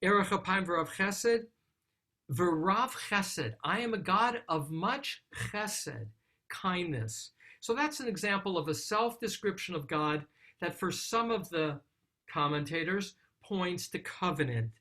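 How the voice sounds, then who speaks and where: Clergy teacher: slow, expressive study talk on the Psalms that moves between Hebrew recitation and translation. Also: medium pitch. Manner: recites Hebrew verses, then translates them; thoughtful, explaining.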